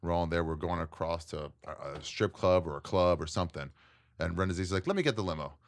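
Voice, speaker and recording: A man, a comedian guest, telling stories in casual chat, lively and laughing often as he acts out what others said. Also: low voice, quick pace. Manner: animated storyteller, acts out quotes, laughs often. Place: tent.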